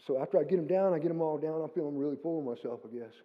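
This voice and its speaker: A man's voice: on the high side, rapid-fire. Storytelling man in an echoing church. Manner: animated storytelling, acting out his own quotes. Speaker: guest speaker. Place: church hall. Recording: phone-like lo-fi sound with long hall reverb.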